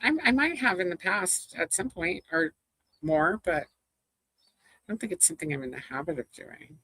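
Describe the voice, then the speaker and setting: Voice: medium pitch, expressive, moderate pace, pushed and bright, husky, dry recording. A livestream host chatting casually with viewers, rambling, laughing often and reading comments aloud. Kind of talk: casual chat with live viewers.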